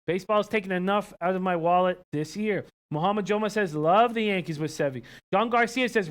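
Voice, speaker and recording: A man's voice: high voice, a little fast, hardly any pauses. A young man from Canada hosting a sports betting live stream, chatting casually, reading viewer comments and odds aloud with plenty of ums and uhs. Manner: relaxed, filler-heavy, reads betting lines aloud. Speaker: sports betting show host.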